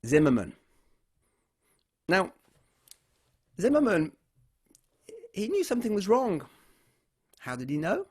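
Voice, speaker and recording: A man tells a folk tale with a high, lively voice that rises and falls all the way through. His tone is husky, and he moves between loud passages and hushed ones. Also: slow, long pauses. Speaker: storyteller. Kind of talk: oral folk storytelling.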